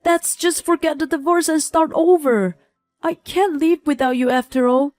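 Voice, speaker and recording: A woman's voice: high voice, moderate pace, a little mellow, no room sound, studio quality, faint music behind, pitched above the performer's own voice, close to an everyday voice. A woman voicing an arrogant, selfish young husband in a read-aloud story, talking down to his wife. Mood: pleading. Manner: condescending, dismissive. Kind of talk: scripted story reading.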